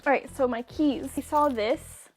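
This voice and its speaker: A young woman vlogger telling a personal story in a casual, animated way, laughing often and acting out what people said. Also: sits high, a little slow, faint music behind.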